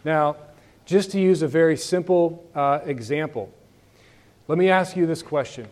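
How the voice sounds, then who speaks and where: A man's voice: a little high, normal speed, darkish tone. A man teaching a Bible lesson to a class in a conversational way, asking his students questions.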